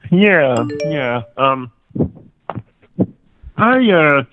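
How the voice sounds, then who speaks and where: A man's voice: fairly high pitch, very animated, drawn-out words, no room sound, faint music behind. A man calling in to a show, goofy and meandering, stumbling over made-up words. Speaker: caller. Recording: dry, tinny phone line.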